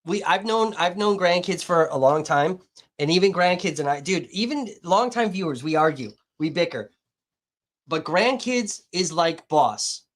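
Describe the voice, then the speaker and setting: A man's voice: sits high, animated, measured pace, fairly bright tone. Profane rambling male livestreamer. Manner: profane, rambling, talking to chat viewers. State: hot and dehydrated. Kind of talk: casual livestream chat.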